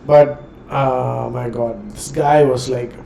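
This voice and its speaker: A man hosting a reaction video in casual commentary, often pausing to search for words. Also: mid-range voice, steady tone, creaky, mellow, a little hiss or hum.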